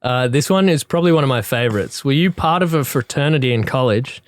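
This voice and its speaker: A man's voice: medium pitch, animated, fast. A young man co-hosting a casual chat, reading out questions and giving short replies. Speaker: podcast co-host.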